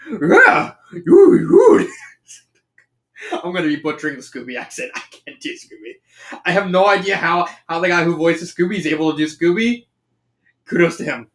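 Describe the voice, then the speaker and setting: A man's voice: on the high side, a little fast, a bit bright, roomy sound. A chatty man hosting a fan fiction reading, commenting casually and laughing at himself.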